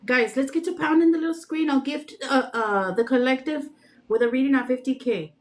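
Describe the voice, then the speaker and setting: A woman's voice: high-pitched, brisk. A woman whose first language is Spanish, chatting playfully and swearing freely as she hosts a tarot livestream, slipping into funny voices. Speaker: tarot reader livestream host. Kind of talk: casual livestream chat.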